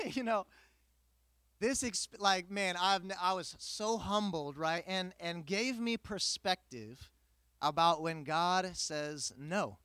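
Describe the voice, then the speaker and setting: A man preaching a sermon, telling a personal story with lively humor before his main point. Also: sits high, slow pace, clear, resonant tone, dry recording.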